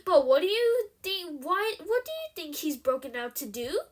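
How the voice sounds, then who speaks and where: A woman's voice: extremely high pitch, very animated, normal speed. A woman reading aloud, voicing a curious female innkeeper who asks eager questions. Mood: anxious.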